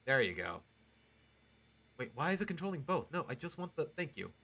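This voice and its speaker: Playing a game on a live stream, a man keeps up a jokey, animated running commentary and talks to the people watching. His voice sits a little high and moves at normal speed, with game music underneath.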